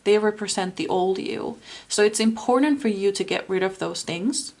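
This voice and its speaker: A woman giving a spoken tarot reading, soft and earnest, with many fillers. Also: medium pitch, moderate pace, gravelly. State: tearful, emotional. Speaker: tarot reader.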